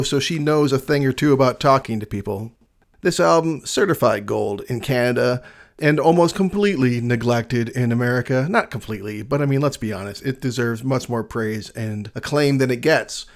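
A man's voice: medium pitch, normal speed. A man in his forties hosting a music podcast, chatty and laughing easily, with lots of fillers. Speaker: podcast host. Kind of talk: casual chat.

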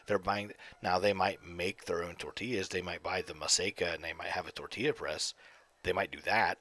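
Low bright voiced dude ranting solo on his podcast, swearing a lot, right up on the mic. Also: fairly even intonation, moderate pace. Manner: profane, rambling rants. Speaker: podcast host. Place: home, evenings. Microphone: close desk mic.

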